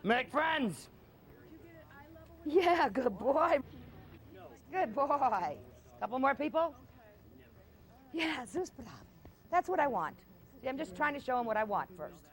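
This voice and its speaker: A woman's voice: high voice, sing-song, slow, pauses often. A woman dog trainer running a hands-on session in an outdoor field, firm and no-nonsense with owners and coaxing with the dog.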